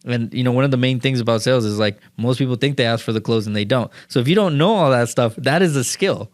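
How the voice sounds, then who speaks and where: Fast-talking man, slangy podcast guest. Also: mid-range voice, no room sound, studio quality. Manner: rambling and slangy, full of "like" and "dude"; animated storytelling. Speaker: podcast guest, marketing and sales speaker. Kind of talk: casual podcast conversation.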